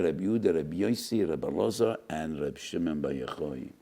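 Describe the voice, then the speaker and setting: Older rabbi, mellow dark tone, earnest and emphatic lecturing. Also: male voice, deep voice, gravelly. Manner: earnest, builds to emphatic rises. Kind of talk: Torah lecture.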